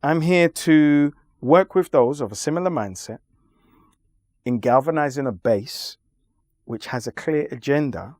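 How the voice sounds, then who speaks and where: A man speaking as an interview guest, forceful and lecturing. He stretches key words and pauses to stress them. His pitch swings widely and the sound is dry and close. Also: no room sound. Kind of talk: emphatic conversational argument.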